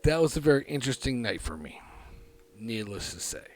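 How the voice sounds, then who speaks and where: A man hosting a livestream, telling a long personal anecdote in a loose, profane, rambling way full of fillers, dropping quiet then getting loud. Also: mid-range voice, fairly quick, slight background noise. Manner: animated, swings between hushed and loud. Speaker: livestream host. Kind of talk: casual livestream storytelling.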